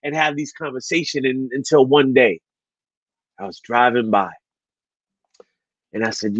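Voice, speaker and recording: A man telling a motivational story at an online event, animated and acting out the dialogue as he goes. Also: medium pitch, measured pace, pauses often, no echo, dull audio. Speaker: speaker at a men's online event.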